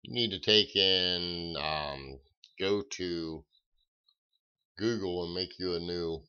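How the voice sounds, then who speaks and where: A man's voice: deep voice, extremely slow, long pauses, bright, forceful tone, clean tone. A man chatting casually on a live stream, drawling and folksy as he answers viewers' comments. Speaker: live-stream coin seller. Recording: dull lo-fi stream audio.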